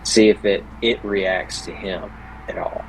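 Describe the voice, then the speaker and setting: A man's voice: low voice, fairly even intonation, measured pace, heavy background noise. A man playing in a tabletop game, explaining his character's choices hesitantly with many fillers and restarts. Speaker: player. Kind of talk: casual in-game discussion.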